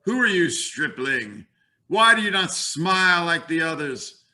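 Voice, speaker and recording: A cruel alien overlord sneering at his slave in a contemptuous tone, read aloud by a man. He speaks slowly, with a forceful, bright edge. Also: a little high, big pitch swings, exaggerated voice.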